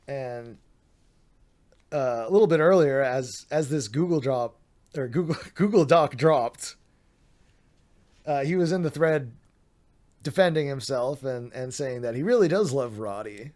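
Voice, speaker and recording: A man with a medium, slightly mellow voice does casual live-stream commentary late at night. He reads out online drama, adding tired, sardonic asides while he swears and laughs.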